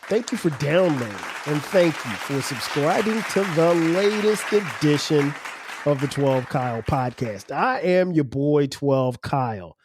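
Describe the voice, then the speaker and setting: A man's voice: fairly high pitch, animated, measured pace, crowd noise, background noise. A man hosting his own podcast, talking casually and loosely, restarting his words as he goes. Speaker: podcast host. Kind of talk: casual solo podcast talk.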